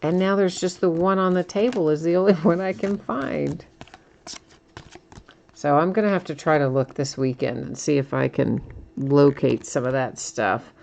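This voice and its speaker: A woman with a notably low voice talks loosely on a live stream, rambling from topic to topic and breaking into small laughs. She hosts a trading card break in a relaxed, casual chat manner. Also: normal speed, vocal fry, slight background noise. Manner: chatty, rambling, laughs often.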